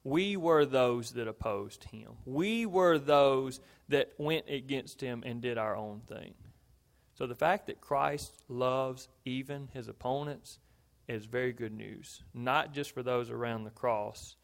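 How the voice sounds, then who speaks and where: A man preaching a sermon in an earnest manner, swelling to emphatic points and dropping low and soft. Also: slow pace, gravelly. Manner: earnest, rises to emphatic then drops low.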